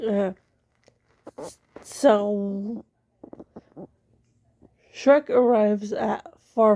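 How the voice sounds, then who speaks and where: A woman's voice: medium pitch, slow, vocal fry, warm tone, dull audio. A woman casually rambling through her own story ideas, amused at herself. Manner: rambling, self-amused, many fillers. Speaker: amateur story writer.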